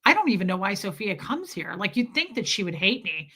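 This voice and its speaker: A woman from the United States hosts a casual livestream, chatting in a lively way and leaning on fillers as she goes. She reads viewer comments aloud between stories. Her voice sounds bright and forward. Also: medium pitch, fairly quick, slightly rough. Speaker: livestream host.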